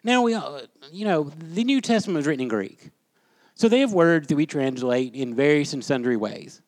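A man's voice: on the high side, lively intonation, moderate pace, a little mellow, no echo. A man teaching a Bible class in a chatty, storytelling way, putting questions to his listeners. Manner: conversational, quizzes the class, storytelling.

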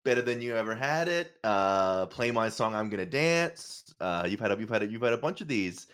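A man in his late thirties, co-hosting a podcast in casual chat, rambling and self-mocking with quick laughs. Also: on the low side, expressive, a bit bright, clean tone. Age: 30s. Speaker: podcast co-host.

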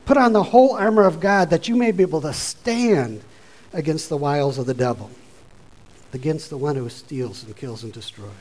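High voiced guy preaching a sermon, chatty then gets loud and fired up. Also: moderate pace, poor audio. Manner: animated, swings from quiet to loud exhortation; conversational, informal asides.

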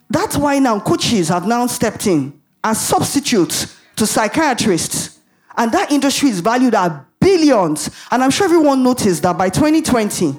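A woman's voice: mid-range voice, darkish tone. A woman preaching a sermon in an emphatic way, asking the audience rhetorical questions and laughing at herself.

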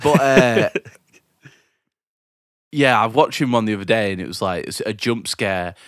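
A man's voice: fairly low pitch, a little slow, a bit bright, no echo. Ranting British man in dry close sound. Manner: swearing, ranting, laughing often. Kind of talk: casual chat.

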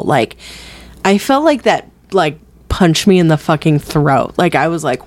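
A woman's voice: low voice, a little slow, darkish tone, dry recording. A woman co-hosting a casual film podcast, talking in a rambling way with lots of fillers and restarts, laughing easily. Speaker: podcast co-host.

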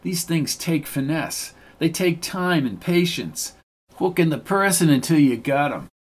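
Man narrator, wry hard-boiled telling, a bit higher than most. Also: expressive, measured pace, slightly rough. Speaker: audiobook narrator. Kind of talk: first-person audiobook narration.

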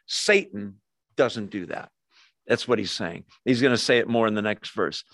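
A man's voice: mid-range voice, animated, moderate pace, fairly bright tone, no echo, clean studio sound. Man teaching a Bible sermon. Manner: conversational Bible teaching with rhetorical questions and asides. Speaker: pastor.

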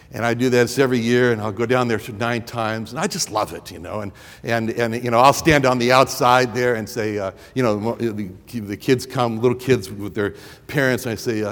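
In a large hall, a man with a mid-range voice preaches a sermon and tells a story from his own life. He rambles, stumbling and repeating words as he begins his sentences.

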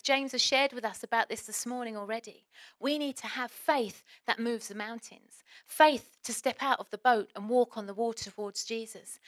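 A woman preaching a sermon in a chatty, lively way, with sudden quiet asides. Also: fairly high pitch.

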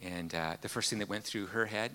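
Bright-voiced man preaching a sermon. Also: lowish voice, a little fast, a little hiss or hum. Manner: earnest, storytelling, many fillers.

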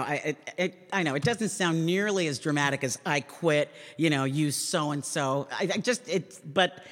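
A woman comedian giving a talk, telling a wry, self-deprecating story to a live audience with lively jumps in pitch. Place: large public hall. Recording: long reverb in a large hall.

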